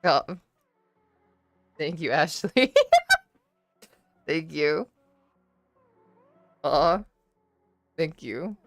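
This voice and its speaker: A woman livestreaming, chatting casually with her viewers and answering their messages in a relaxed, shy, giggly way with plenty of swearing. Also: deep voice, no echo. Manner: reads and answers chat messages. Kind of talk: casual chat with stream viewers.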